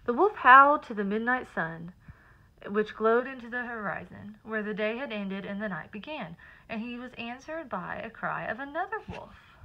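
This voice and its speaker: A woman's voice: on the high side, lively intonation, lo-fi sound. Woman reading a picture book to kids. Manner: pauses to explain words and count with listeners. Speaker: teacher.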